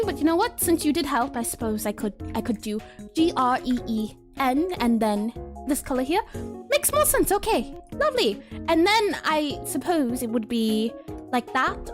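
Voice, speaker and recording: A woman streaming her game development live, chatting casually, reading chat aloud, spelling out words and laughing often. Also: sits high.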